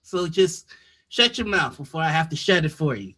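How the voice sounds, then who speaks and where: A swaggering, foul-mouthed customer who bullies and threatens everyone around him, played by a man. He speaks high and hard, with a piercing, tense bite. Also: big pitch swings, moderate pace, sharp tone, heavily acted. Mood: threatening. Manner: swaggering, profane, bullying. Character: pushy tough-guy male coffee customer, menacing.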